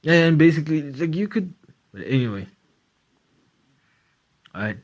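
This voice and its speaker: A man's voice: fairly high pitch, sing-song, normal speed. A man hosting a casual comedy podcast, rambling and profane, with lots of fillers. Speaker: podcast host.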